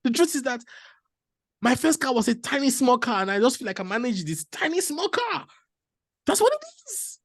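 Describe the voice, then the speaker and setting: A man, giving a motivational storytelling talk as a panel speaker, animated and laughing often as he acts out dialogue. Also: extremely high pitch, normal speed, dry recording, studio quality.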